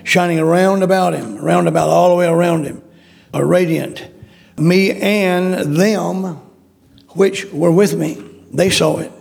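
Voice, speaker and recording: A man's voice: high voice, steady tone, a little slow, gravelly, a little mellow. A man preaching a sermon, emphatic and repetitive, acting out the voices in the story he tells. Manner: repetitive, emphatic, acts out quotes.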